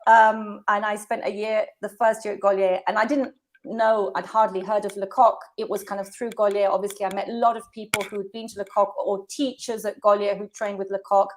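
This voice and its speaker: A woman in her fifties, a guest telling stories in a casual conversation, animated and laughing often. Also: mid-range voice, fairly quick.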